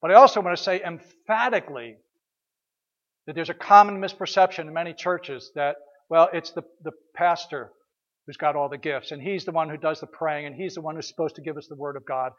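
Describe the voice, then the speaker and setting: A man's voice: fairly high pitch, brisk, lo-fi sound. A man preaching a conversational sermon as pastor, telling stories, repeating his words and asking rhetorical questions.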